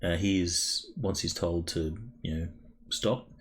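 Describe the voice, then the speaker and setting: A man with a low voice runs a tabletop game. He narrates slowly and breaks his sentences with fillers. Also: steady tone, slight background noise. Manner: halting, many fillers. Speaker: game master.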